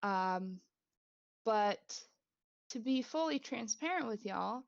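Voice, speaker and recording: A woman voicing a weary noblewoman, gravelly. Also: a little high, animated, slow pace, no echo, heavily acted. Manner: sighing, guarded, plain-spoken. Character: troubled noblewoman who lost her ship, weary. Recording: dull lo-fi mic.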